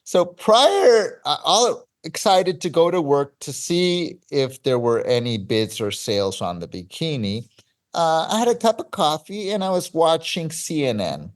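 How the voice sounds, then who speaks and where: A man's voice: on the high side, a little slow. Guy in his 50s, story pouring out, voice jumps up and down a lot, keeps restarting. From Cyprus. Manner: animated, excitable, with frequent restarts and laughs. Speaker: guest. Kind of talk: storytelling in an interview.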